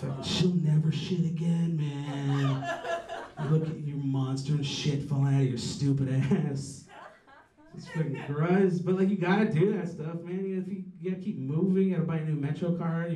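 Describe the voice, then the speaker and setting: A man doing a rambling, profane stand-up set with dark jokes. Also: sits high, reverberant, far from the mic, low-quality recording. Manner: rambling, profane, darkly joking. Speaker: stand-up comedian.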